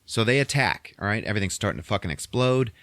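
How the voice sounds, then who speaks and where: A man hosting a podcast, recapping a film in a casual, profane way and acting out the characters in quick voices. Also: lowish voice, dry recording. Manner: animated retelling, heavy swearing, acts out characters in quick voices. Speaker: podcast host retelling a film.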